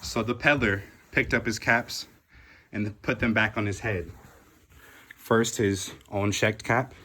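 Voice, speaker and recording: A man reading a children's picture book aloud, slow and animated, calling out the characters' lines. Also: on the low side, husky. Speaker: storybook reader.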